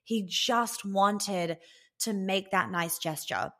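Taking it slowly in a mid-range, slightly bright voice, a woman hosts a podcast as a relationship coach. Casual and blunt, she swears freely and leans on "like" as filler again and again.

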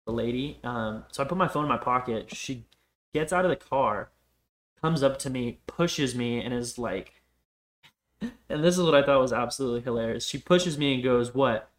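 A man's voice: mid-range voice, expressive, moderate pace. Casual young man telling a rambling story. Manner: rambling, profane, heavy on "like" fillers. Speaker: podcast guest.

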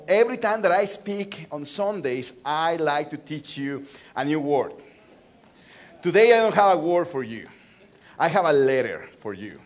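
Lively high-voiced male pastor preaching. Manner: animated and playful, drawing out words for teaching. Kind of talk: sermon.

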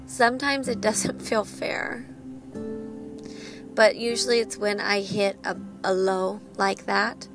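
A woman in her thirties hosts her own podcast, speaking at a middle pitch with a gravelly, fry-tinged voice. She talks candidly as a parent and laughs at herself as she encourages her listeners. Clear music plays behind her. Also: level tone, slow. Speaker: podcast host, parent of a child with medical needs. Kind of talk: personal podcast monologue.

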